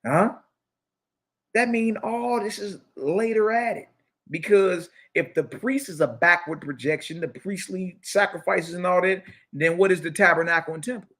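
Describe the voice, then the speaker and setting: A man, holding forth in a lively religious lecture. He reads a passage aloud in a higher, bright voice, then breaks off to mock and preach in slangy asides. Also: normal speed. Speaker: teacher. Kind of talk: animated religious lecture reading from a book.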